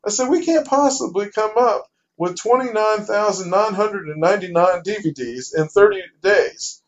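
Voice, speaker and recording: A slightly high-voiced man tells a casual personal story, lively and playing out each exchange as it happens. The recording is dull and lo-fi, with the top end muffled. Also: normal speed. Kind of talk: casual spoken anecdote.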